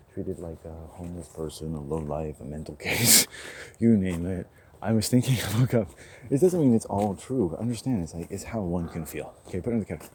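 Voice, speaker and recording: A man's voice: deep voice, a little mellow. A man vlogging on a phone as he walks in the woods, rambling in a loose monologue, swearing and laughing between phrases. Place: outdoors, woods. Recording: clear outdoor background noise.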